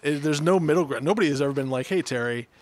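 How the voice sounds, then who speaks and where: A man's voice: a little high, very fast, a little mellow. A man co-hosting a casual podcast, recapping a TV episode with sarcastic, swearing jokey asides. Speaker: podcast co-host.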